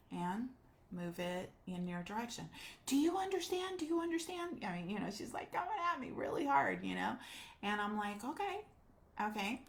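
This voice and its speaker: A woman life coach telling a personal story, animated and acting out the voices she quotes. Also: mid-range voice, gravelly.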